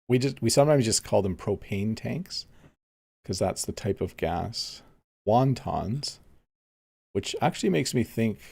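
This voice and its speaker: A man's voice: on the low side, gravelly, a little mellow. A man teaching English on a casual live stream, chatting easily and reading viewer comments aloud while he plays a game. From Canada.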